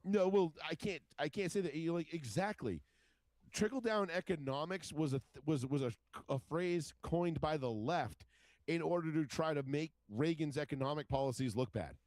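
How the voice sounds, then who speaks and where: A man co-hosting a casual podcast chat, talking in an animated, profane, rambling way. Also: fairly high pitch, normal speed, no room sound. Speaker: podcast co-host.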